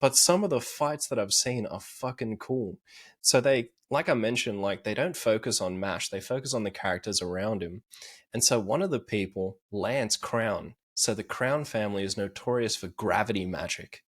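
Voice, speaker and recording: A man's voice: on the low side, normal speed. Laughing, swearing young man. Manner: laughs often, swears casually, animated retelling. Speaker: podcast regular recapping anime. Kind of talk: casual podcast chat.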